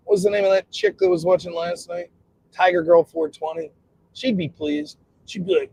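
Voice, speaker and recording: A man in his forties chatting and ranting from a car on a live stream, sarcastic and quick to swear. His voice is gravelly and husky, with a lively pitch that jumps around. It sits on the high side for a man. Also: low-quality recording. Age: 40s. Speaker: streamer host. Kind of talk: casual live stream talk while driving. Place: car on the road.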